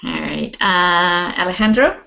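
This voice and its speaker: A woman's voice: on the low side, animated, bright, forceful tone, highs cut off. Patient woman teaching pronunciation. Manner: patient, models words slowly and clearly. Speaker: English teacher. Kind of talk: online pronunciation lesson.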